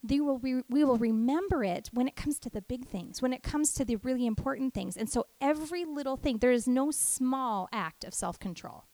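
A middle-aged woman teaching a devotional talk, an animated storyteller. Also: high-pitched, moderate pace, few pauses, no room sound. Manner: animated storyteller who acts out family voices. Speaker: women's ministry teacher.

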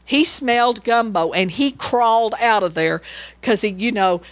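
A woman's voice: fairly high pitch, expressive, a little slow, dry recording. A woman giving a casual Bible teaching, rambling and chatty, and she laughs as she tells stories.

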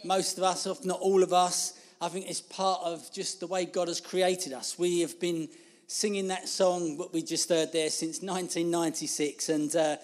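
A man's voice: high voice, little pitch movement, moderate pace. A man, preaching an informal sermon in a chatty, self-deprecating way and laughing through his asides. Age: 50s.

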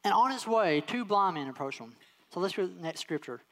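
A preacher delivers a sermon to a congregation. The delivery leans on repetition, says key phrases again and again, and slows right down on the words meant to land. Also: mid-range voice, expressive, a bit bright. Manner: repeats key phrases for emphasis and acts out quoted voices.

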